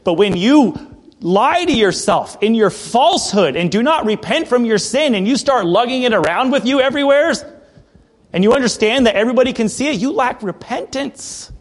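An adult male pastor with a very high-pitched, animated voice delivers an expository sermon at a moderate pace. He reads scripture aloud and explains it in a conversational way, tossing in casual asides.

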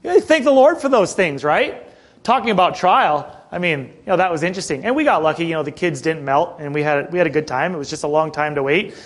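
A middle-aged man preaching a sermon in a conversational way, asking the congregation questions and often clearing his throat. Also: on the high side, fast talker, a bit bright. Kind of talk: sermon with personal story.

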